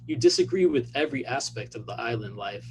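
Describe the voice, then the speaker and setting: A man, an author, reading his own fiction aloud in a measured, even delivery. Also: medium pitch, faint music behind, low-quality recording.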